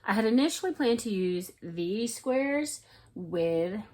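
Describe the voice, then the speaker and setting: A chatty woman talking to camera about her craft projects. She rambles and jumps between thoughts, bubbling with excitement. Her pitch sits in an ordinary middle range. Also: slow pace, slight background noise. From Florida, US. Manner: excitable, rambling, talks to viewers as y'all. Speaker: crochet vlogger. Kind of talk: casual chat to camera.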